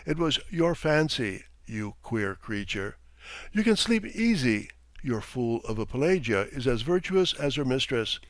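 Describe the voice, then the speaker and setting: A man's voice: medium pitch, big pitch swings, a little slow, no room sound. A man voicing a curt, mocking official who scolds a servant and teases his wife. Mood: teasing. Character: brusque, teasing middle-aged official husband.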